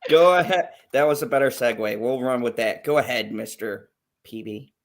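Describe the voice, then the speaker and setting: A man's voice: medium pitch, moderate pace. A man hosting a casual late-night podcast chat, laid-back and laughing often. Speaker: podcast host.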